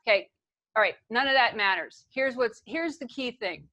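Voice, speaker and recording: A woman's voice: fairly high pitch, lively intonation, normal speed, sharp tone, lo-fi sound. A woman leading a training on a video call, talking in an earnest, conversational way and often restarting her sentences. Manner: earnest, conversational, repeats herself. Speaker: guest speaker and trainer. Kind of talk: casual teaching on a video call.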